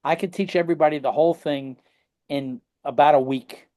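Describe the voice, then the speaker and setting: Brief: middle-aged male interview guest, somewhat high voice, loose storytelling with frequent check-ins. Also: steady tone, fairly quick, warm tone. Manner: rambling storyteller, constant "all right?" tag questions. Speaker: guest practitioner. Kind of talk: casual anecdotal interview talk.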